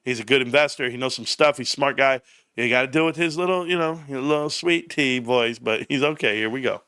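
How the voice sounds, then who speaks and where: A man hosting a stock livestream, excitable and profane, often laughing and shouting. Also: mid-range voice, a little fast, clear, resonant tone, no room sound, studio quality. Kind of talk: livestream commentary.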